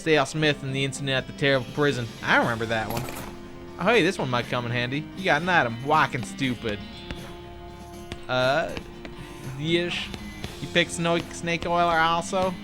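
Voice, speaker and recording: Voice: medium pitch, moderate pace, over music. A let's play host giving casual gameplay commentary, reading game text aloud with joking asides, chatting to viewers, swearing and laughing now and then.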